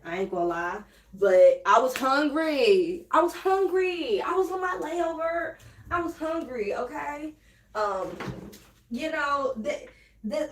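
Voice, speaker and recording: A flight attendant woman gossiping casually to the camera, animated and laughing between sentences, from a hotel room on a layover. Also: mid-range voice, a little hiss or hum. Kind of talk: casual chatty storytime to camera.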